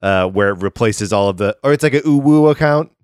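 A man's voice: on the low side, lively intonation, fairly quick, darkish tone, clean tone, no echo, clean studio sound. A man co-hosting a casual chat, sardonic and swearing, reacting with mock dismay. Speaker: podcast co-host.

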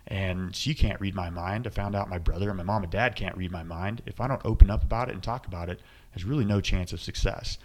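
A man's voice: deep voice, fast talker. A man hosting a podcast interview, chatty and joking, trading his own stories with his guest. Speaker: podcast host.

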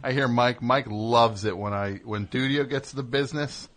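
Bright-voiced man hosting a call-in show. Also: medium pitch, slight background noise. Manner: teasing, riffing rapid-fire jokes. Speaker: radio show host. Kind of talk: comedic call-in show banter.

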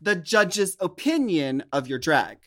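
A man's voice: high-pitched, big pitch swings, measured pace, a loud crowd. Playful, giggly male co-host. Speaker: podcast co-host. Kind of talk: casual chat.

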